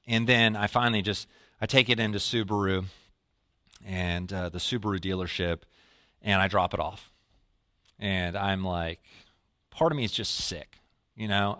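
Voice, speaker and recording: Bright-voiced man preaching conversationally. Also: dry recording, clean studio sound. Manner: storytelling, drops to a low quiet voice when quoting himself. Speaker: pastor. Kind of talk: sermon.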